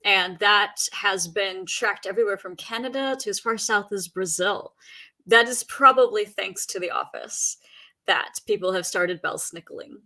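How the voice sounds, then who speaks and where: A woman with a bright, forceful voice chats on a podcast, spinning folk legends in a loose, rambling way. She fills her sentences with ums and uhs while she tells the stories. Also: medium pitch, moderate pace. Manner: storytelling folklore, chatty with fillers. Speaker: podcast guest. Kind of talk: casual chat.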